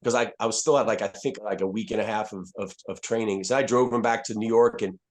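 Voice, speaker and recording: A man's voice: lowish voice, steady tone, fast talker. A man in his fifties, a retired soldier speaking as a podcast guest, telling his story candidly in a blunt, profane way with many restarts. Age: 50s.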